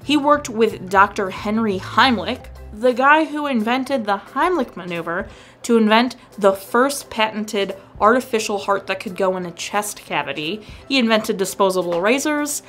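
A woman's voice: medium pitch, expressive, moderate pace, fairly bright tone, soft background music. A woman hosting a film review vlog, chatting enthusiastically and rattling off cast lists and trivia. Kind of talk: casual vlog commentary.

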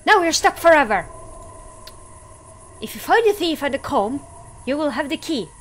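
A woman's voice: sits high, big pitch swings, voice pushed up, low-quality recording. Woman voicing sarcastic tangled flying creatures. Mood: drawling. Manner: slow, sarcastic drawl. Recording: game music underneath.

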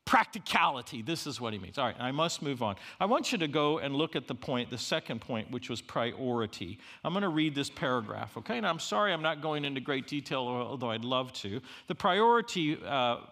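A middle-aged man preaching a sermon at a university, animated and humorous, swinging between loud emphasis and quiet asides. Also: mid-range voice, fairly quick, hardly any pauses. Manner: humorous storytelling. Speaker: university chapel speaker.

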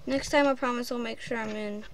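A woman's voice: fairly high pitch, fairly even intonation, a little fast. A woman host chatting casually and apologetically over gameplay, giggling often. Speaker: channel host.

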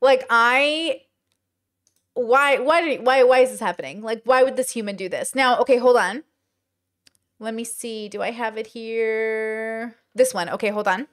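A woman's voice: on the high side, a little slow. A woman hosting casual commentary, talking in a chatty way with many fillers and rhetorical questions. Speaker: commentary host.

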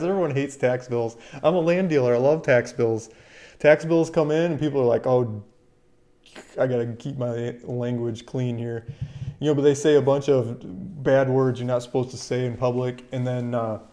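A man talks casually to his livestream viewers in a warm, mellow voice. He is chatty and excitable, laughing often as he goes. He reads out viewer comments along the way. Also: mid-range voice. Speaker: livestream host, land dealer.

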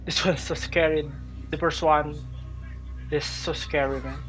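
Slow-spoken man reacting with startled exclaims. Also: fairly high pitch, fairly even intonation, fairly bright tone, faint music behind, rough recording. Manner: slow, halting, exclaiming in surprise. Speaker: reaction video host. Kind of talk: reacting to a video, commentary.

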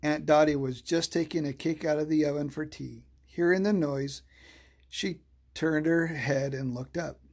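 Breathy calm bedtime storyteller. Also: mid-range voice, unhurried.

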